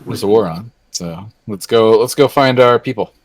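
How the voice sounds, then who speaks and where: A man's voice: fairly low pitch, normal speed, no room sound. A man playing in a tabletop game, chatting casually and hesitantly. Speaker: player.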